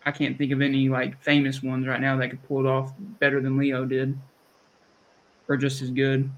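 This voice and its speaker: A man's voice: medium pitch, monotone, normal speed, dull audio. A man with a Southern US accent hosting a podcast, rambling and chatty, often restarting his sentences. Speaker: podcast host. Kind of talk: casual chat.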